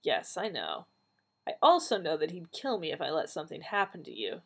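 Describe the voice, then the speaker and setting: A woman's voice: low-pitched, sing-song, fast, vocal fry, fairly bright tone, slightly rough, heavily acted. A woman doing a wry young woman doctor.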